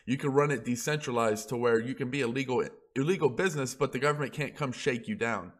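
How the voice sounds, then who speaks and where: A man's voice: mid-range voice, fast talker. A man blogging about crypto in a casual ranting monologue, heated and profane, rambling as he goes.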